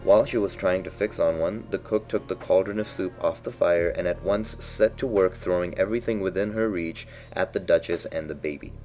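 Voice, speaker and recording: A man narrating a classic storybook in a measured, expressive reading. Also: sits low, soft background music, rough recording.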